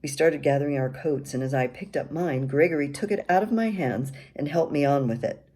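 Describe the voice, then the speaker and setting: A woman's voice: low voice, fairly quick, warm tone. An older woman reading her own memoir aloud in a wry, candid storytelling manner.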